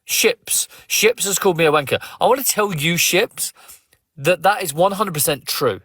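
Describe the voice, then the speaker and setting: A man's voice: high voice, animated, moderate pace, fairly bright tone, dry recording, studio quality. An English man hosting a live phone-in stream in a casual, blunt and confrontational way. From England. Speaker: live stream host taking callers.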